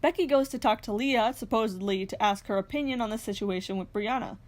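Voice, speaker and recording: Woman, young adult, recap host, scripted narration, sarcastic, fairly high voice. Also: brisk. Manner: sarcastic, snarky asides.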